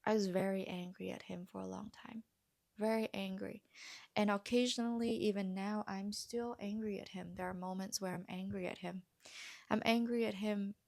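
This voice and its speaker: A woman coach speaking earnestly and gently to her viewers, often dropping to a soft near-whisper. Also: medium pitch, steady tone, moderate pace, gravelly. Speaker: vlogger and healing coach. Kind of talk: heartfelt personal talk to camera.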